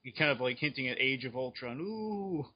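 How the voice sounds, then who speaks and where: A man in casual chat on a fan podcast, excitedly rambling through his speculation. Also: mid-range voice, fast talker. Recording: dull lo-fi recording.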